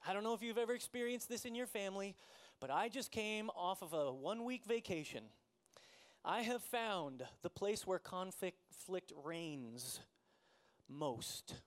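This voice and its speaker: High-pitched guy preaching, chatty storytelling sermon, laughs at himself a lot. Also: a little slow. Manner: conversational storytelling, self-deprecating, laughs often. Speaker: pastor.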